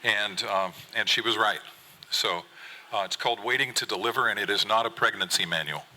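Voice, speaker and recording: A man's voice: lowish voice, a little fast, bright, forceful tone, slight background noise, poor audio. A fisherman reading a true personal story aloud on a theater stage, in an earnest, plain manner.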